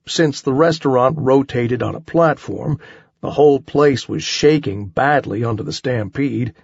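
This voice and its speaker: Gravelly, slow male audiobook narrator. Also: mid-range voice, no room sound, highs cut off. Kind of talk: first-person audiobook narration.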